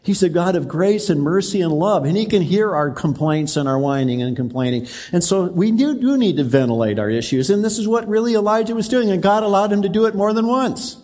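A middle-aged pastor gives a sermon, talking to his congregation in a direct, conversational way. His voice sits a little high for a man. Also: animated, brisk, few pauses, a little mellow. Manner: conversational preaching, personal and direct.

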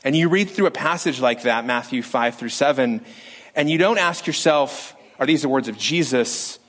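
A male pastor preaching a sermon, animated and lively, acting out quotes from scripture with shifts in pitch. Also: moderate pace.

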